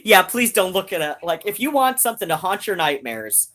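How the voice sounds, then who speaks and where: A woman's voice: mid-range voice, sing-song, brisk, a bit bright. A woman hosting a live stream, chatting casually and rambling with many restarts, talking straight to her viewers. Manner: talks straight to viewers in chat.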